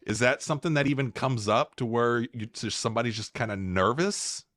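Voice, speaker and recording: A man hosting a podcast interview, asking relaxed questions in casual chat. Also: medium pitch, fairly quick, dry recording. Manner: relaxed, asks questions with small restarts. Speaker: podcast host. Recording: dry close-mic sound.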